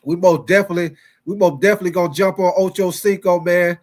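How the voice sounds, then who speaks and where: A young man with a drawl hosts a loose sports talk show in a fairly high voice. He rambles in an animated way, laughs often and circles back to repeat his lines as he calls out to viewers. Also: quick pace. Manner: animated, laughing often, repeats phrases, reads live chat. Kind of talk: casual chat.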